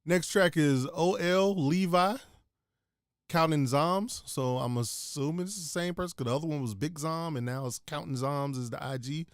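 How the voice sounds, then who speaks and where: A man casually reviewing rap tracks on a live stream, blunt and relaxed in loose slang. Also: a little high, moderate pace, no room sound, studio quality.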